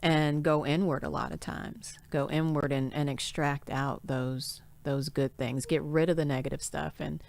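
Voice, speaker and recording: Low-voiced woman hosting a chat show. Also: steady tone, normal speed, gravelly, hardly any pauses, a little mellow. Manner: earnest, upbeat, frequent laughter. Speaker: podcast host. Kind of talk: casual chat.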